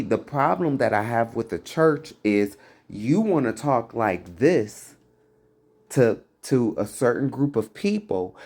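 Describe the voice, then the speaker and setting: A man's voice: mid-range voice, darkish tone. A man giving fiery, blunt commentary on preachers, scornful and mocking. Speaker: religious commentator.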